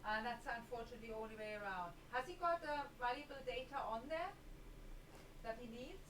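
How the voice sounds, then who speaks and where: Woman in an echoey room, slightly high. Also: brisk, fairly bright tone, slight background noise. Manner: apologetic, patient explaining. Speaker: repair shop staff. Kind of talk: phone call with a customer. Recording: echoey room, far from the mic.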